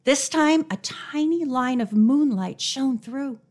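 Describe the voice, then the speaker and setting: A woman reading a mystery novel aloud as an audiobook narrator, expressive and raising her pitch for dialogue. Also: slow. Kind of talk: scripted narration.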